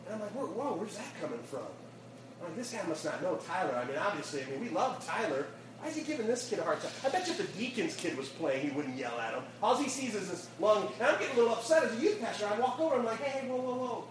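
A man, a youth pastor, telling a lively story in a sermon and acting out the voices, laughing as he goes, then closing in prayer. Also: high voice, fast. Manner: animated storyteller, acts out quotes, laughs often. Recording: echoey room, distant mic, audible noise.

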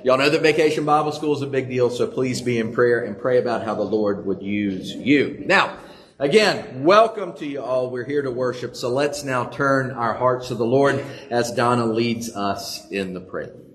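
A man's voice: medium pitch, normal speed. A man giving church announcements in a friendly, folksy way before worship begins. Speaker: pastor.

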